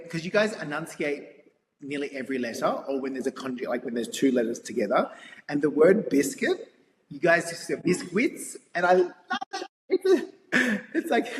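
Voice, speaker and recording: Animated Australian man in a reverberant room. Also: a little high. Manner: animated storyteller, laughs often. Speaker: guest. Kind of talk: casual interview chat. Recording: reverberant room with faint ambient noise.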